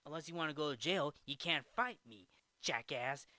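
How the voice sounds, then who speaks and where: A man's voice: on the high side, lively intonation, moderate pace, pushed and bright, dry recording. A man voicing a smug young male heckler who taunts and mocks. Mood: taunting. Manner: mocking, taunting.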